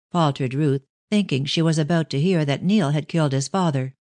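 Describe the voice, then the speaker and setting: Lady reading a story aloud, lowish voice, dead dry sound, steady pace. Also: brisk, few pauses, no echo. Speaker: audiobook narrator. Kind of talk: scripted narration of a mystery novel.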